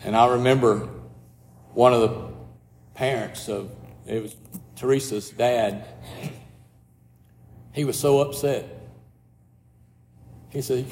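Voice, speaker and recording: Slow preacher in a reverberant hall. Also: male voice, medium pitch, a little hiss or hum. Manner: slow, reflective preaching with soft drops to near-whispers. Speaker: pastor. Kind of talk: sermon.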